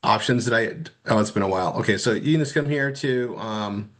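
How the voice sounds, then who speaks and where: A man teaching marketing in a casual screen-share walkthrough, rambling and halting, often repeating words as he clicks around. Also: lowish voice, fairly bright tone. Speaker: marketing instructor.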